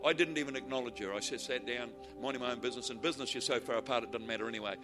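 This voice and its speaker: A man preaching in a lively, joking storytelling manner. He drops to quiet asides, then rises to shouted declarations. His voice sits in a middle pitch, with music playing clearly underneath. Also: racing. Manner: humorous, animated storytelling, swings from quiet to shouting. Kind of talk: sermon with stories.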